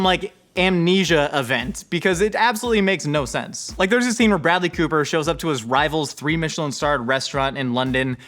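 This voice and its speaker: A man hosting a comedic rant about a movie, animated and sarcastic, often jumping into high-pitched voices. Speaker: host.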